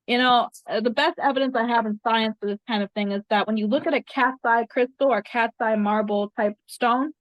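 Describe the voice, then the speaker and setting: A woman's voice: on the high side, fairly even intonation, brisk, few pauses, no room sound. A woman guest in an interview, earnestly recounting a spiritual experience and repeating phrases for emphasis. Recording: dry, slightly muffled sound.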